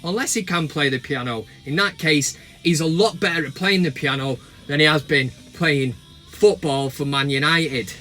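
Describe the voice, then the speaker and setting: Cheeky high-voiced man chatting football. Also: moderate pace, faint music behind. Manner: cheeky, animated banter with swearing. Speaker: host. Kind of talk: casual football chat. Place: inside a van while driving.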